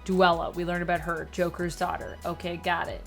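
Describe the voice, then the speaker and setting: A woman's voice: little pitch movement, brisk, vocal fry, soft background music. Chatty, sarcastic woman reviewing a show. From Canada. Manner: chatty and sarcastic, with jumpy pitch and loudness. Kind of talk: casual spoken review.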